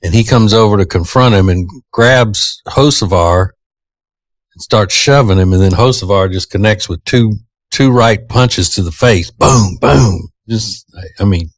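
A man chats easily as a morning radio host. He is folksy, tells stories and laughs readily. His low voice sits close to a dry studio microphone. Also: a little slow, dry recording. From Louisiana. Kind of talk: casual radio banter.

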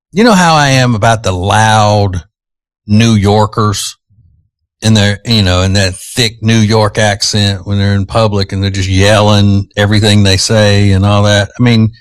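A male radio host, low-pitched and easygoing as he rambles through his opinions and teases his co-host. He talks into a close studio mic in a dry, dead room. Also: no room sound. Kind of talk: casual morning-show chat. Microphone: studio microphone.

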